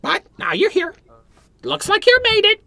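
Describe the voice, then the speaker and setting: A man voicing a loud, cheeky male bird that shouts short, shrill exclamations. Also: huge pitch swings, moderate pace, creaky, full character voice. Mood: squawking.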